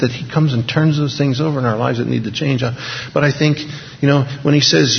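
Gravelly preacher in an echoing hall. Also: male voice, medium pitch, expressive, normal speed, slight background noise. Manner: impassioned, builds to emphatic peaks with repetition. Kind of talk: sermon. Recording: dull lo-fi recording with long hall reverb.

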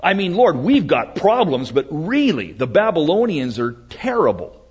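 A husky male preacher playing a bewildered prophet who pleads with God in disbelief. His pitch climbs high as he protests, and the voice comes through a dull, lo-fi recording. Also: sing-song, moderate pace, exaggerated voice. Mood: pleading. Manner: pleading, incredulous.

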